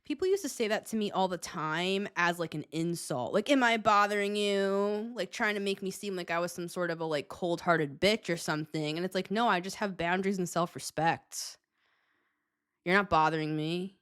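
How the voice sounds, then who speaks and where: A woman's voice: fairly low pitch, steady tone, moderate pace, a bit bright, no room sound, clean studio sound. A woman giving a casual tarot reading, chatty and blunt, swearing freely and laughing often. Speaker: tarot reader.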